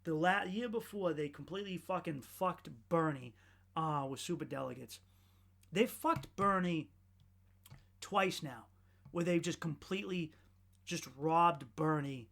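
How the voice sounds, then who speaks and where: A man's voice: fairly high pitch, a little slow, gravelly, fairly bright tone. A man hosting a podcast, rambling in a profane, ranting monologue. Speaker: podcast host.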